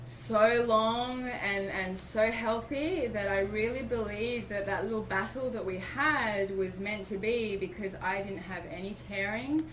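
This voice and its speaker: A middle-aged woman from Australia telling a personal story in an interview, animated and acting out what people said. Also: medium pitch, a little slow, few pauses. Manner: animated, acts out quoted speech. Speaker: interview guest. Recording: roomy, distant mic, background noise.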